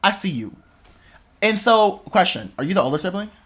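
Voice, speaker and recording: A young man hosting a podcast in casual chat, expressive and dramatic, laughing often. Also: sits high, fairly quick. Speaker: podcast host.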